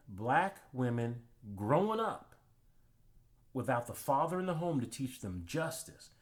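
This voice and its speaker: A man hosting his own channel, giving an emphatic, preachy commentary monologue and telling personal anecdotes. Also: a little high. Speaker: channel host.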